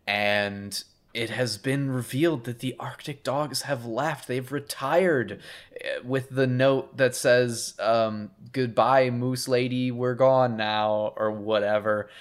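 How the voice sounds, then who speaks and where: A man's voice: mid-range voice, clear, resonant tone. A man casually recapping a film on a podcast, rambling and laughing often. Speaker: podcast co-host. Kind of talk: casual movie recap chat.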